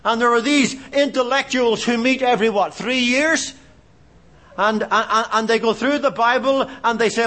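A male preacher from Canada delivers a sermon with a fairly high voice. His pitch swoops widely as he presses rhetorical questions. He repeats key lines for emphasis. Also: animated, moderate pace, sharp tone.

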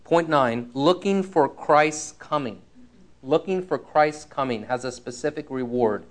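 A man preaching a sermon, telling a personal story in an earnest, frank way, slowing down to stress key lines. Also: a little high.

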